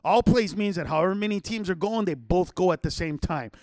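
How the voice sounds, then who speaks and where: A man hosting a podcast from his home setup, telling stories in a casual, animated way, swearing freely and acting out what other people said. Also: sits high, fairly quick, no echo. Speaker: podcast host. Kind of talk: casual storytelling to listeners.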